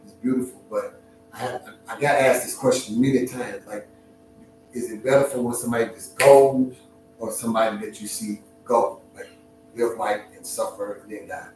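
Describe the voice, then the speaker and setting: A middle-aged man streaming live and telling a heartfelt personal story in an emotional, reflective way, often pausing and restarting his sentences. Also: medium pitch, steady tone, a little mellow. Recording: very echoey room, distant mic, music behind.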